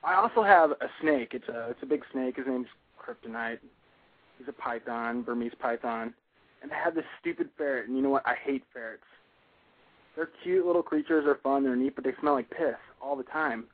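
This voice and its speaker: A young man calling in and telling a story in a casual, rambling way, offhand and matter-of-fact even about grim details. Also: mid-range voice, moderate pace, breathy edge, dry recording. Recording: tinny dry phone line.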